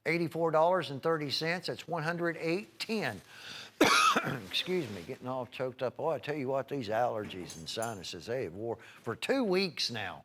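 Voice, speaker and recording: A man's voice: mid-range voice, animated, normal speed, hardly any pauses, background noise. A man hosting a live home shopping broadcast, chatting in a folksy, rambling way while reeling off prices and item numbers. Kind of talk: live televised sales pitch.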